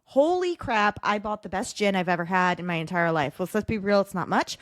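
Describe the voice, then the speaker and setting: A woman co-hosting a podcast in relaxed, teasing chatter, full of banter. Her voice is mid-pitched and recorded close and dry, without any echo. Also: brisk. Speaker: podcast co-host. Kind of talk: casual chat.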